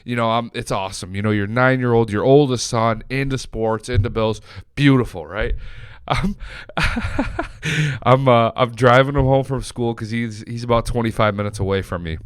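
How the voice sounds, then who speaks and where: A man in his late twenties hosts a sports podcast, chatting loosely and swearing freely as he tells a story. His voice is smooth and clear at a middling pitch. It is recorded dry and close, with no room around it. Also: normal speed, dry recording. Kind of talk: casual sports chat.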